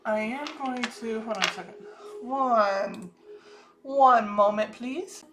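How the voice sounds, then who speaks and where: A woman's voice: on the high side, takes it slowly, noisy background. Chatty Southern woman doing a psychic reading. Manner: chatty, thinks aloud, trailing restarts. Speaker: psychic channeler. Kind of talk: casual psychic reading monologue.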